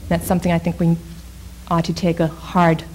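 A woman town councilor speaking firmly and in a measured way at a public meeting, openly frustrated with how things are being handled. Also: fairly low pitch, monotone, darkish tone, a little hiss or hum, rough recording.

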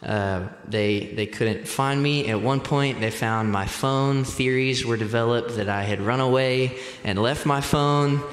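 A young man preaching a sermon as pastor, deliberate and measured, picking up speed when telling personal stories. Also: medium pitch. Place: church sanctuary. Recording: echoey church hall.

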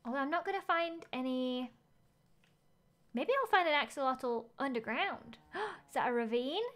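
A woman's voice: high voice, lively intonation, moderate pace, a bit bright. A woman game streamer chatting casually as she plays, thinking aloud, gasping at finds and reading chat messages.

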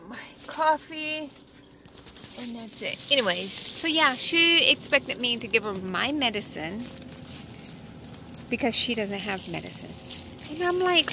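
A woman's voice: a little high, animated, unhurried, pauses often, noisy background. A young woman, rambling through a casual vlog from her car with lots of fillers. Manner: rambling storytelling with many fillers. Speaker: vlogger. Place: in her car before work.

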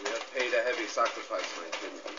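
An actor playing a solemn Norse warrior speaking gravely in a video game cutscene. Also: male voice, fairly low pitch, fast talker, close to an everyday voice. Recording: dull game audio.

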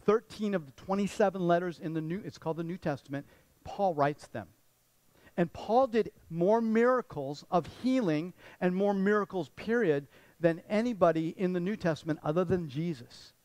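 A man's voice: high-pitched, moderate pace, darkish tone, dry recording, low-quality recording. A man pastor giving a conversational sermon, often repeating words and restarting sentences.

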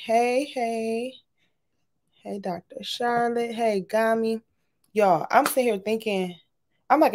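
A woman, hosting a casual craft livestream from home, chatting and greeting viewers by name in an animated way. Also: on the high side. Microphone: webcam or laptop camera.

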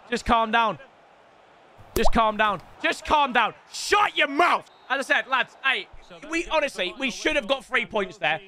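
A young man giving excitable gaming commentary, animated, swearing and yelling at the game. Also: extremely high pitch. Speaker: gaming YouTuber.

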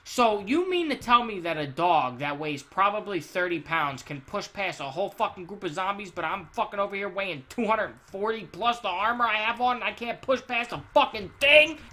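A man's voice: high voice, animated, fairly quick, few pauses, pushed and bright. A man giving crude, profane let's play commentary while he plays, ranting and joking. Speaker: gamer.

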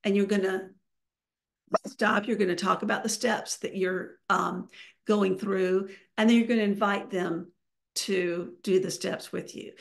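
A woman's voice: mid-range voice, steady tone, unhurried, gravelly. A woman giving a webinar presentation over a video call, talking with many fillers and restarts.

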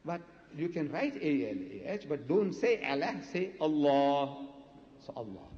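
A man's voice: on the high side, big pitch swings, normal speed, warm tone. Rhetorical man debating in an echoey hall. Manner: rhetorical, emphatic, quizzes the audience. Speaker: debater addressing an audience. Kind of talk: public debate speech. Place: lecture hall before a live audience. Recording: echoey hall, dull lo-fi sound.

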